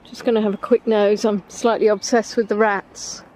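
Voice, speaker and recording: A woman's voice: medium pitch, flat delivery, normal speed, darkish tone. A woman with an English accent chatting casually on a live stream, rambling with many "um"s as she answers viewers. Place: outdoors on a riverside walk.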